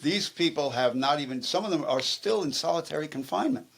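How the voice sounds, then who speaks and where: A man's voice: a little high, expressive, quick pace, gravelly, a bit bright. Heated, insistent man talking on a local show. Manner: storytelling, gets heated and insistent when arguing. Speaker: guest. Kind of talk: casual talk-show chat. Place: local TV studio.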